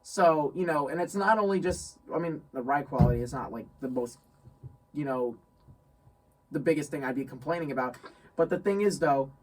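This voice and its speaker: A young man from New York telling a story in casual chat, animated, laughing often and repeating phrases. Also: a little high, moderate pace, distant mic, poor audio. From New York State. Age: young adult. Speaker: guest friend.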